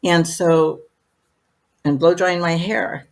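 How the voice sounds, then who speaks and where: A woman's voice: lowish voice, fairly even intonation, takes it slowly. A middle-aged woman, a medium and podcast guest, telling her stories in a rambling, chatty way and leaning on "you know" again and again. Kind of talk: casual storytelling in an interview.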